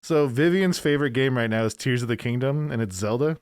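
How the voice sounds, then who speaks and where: In a clean, echo-free studio recording, a man with a mid-range voice co-hosts a podcast, talking a little fast with a clean tone. His casual chat rambles with many restarts and fillers, and he swears freely.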